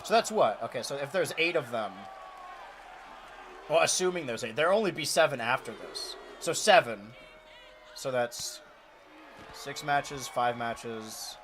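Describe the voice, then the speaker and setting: Young male streamer, lively bright voice, hypes and shouts over a wrestling game, then mutters low. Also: measured pace, pauses often, a faint crowd, a little hiss or hum. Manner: animated, shouts and pleads at big moments, mutters while counting. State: out of breath. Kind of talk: excitable play-by-play commentary.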